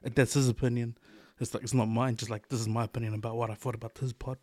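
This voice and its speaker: A man's voice: mid-range voice, little pitch movement, quick pace, warm tone, no room sound. Laid-back New guy, dry sound. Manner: laid-back, rambling, lots of fillers and slang. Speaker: podcast co-host. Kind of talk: casual chat.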